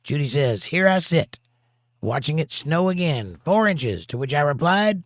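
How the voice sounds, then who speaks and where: A man's voice: a little high, very animated, moderate pace, no room sound, clean studio sound. A man hosting a casual livestream, joking around and reading viewers' chat messages aloud. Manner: jokey, reads chat aloud. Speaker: host.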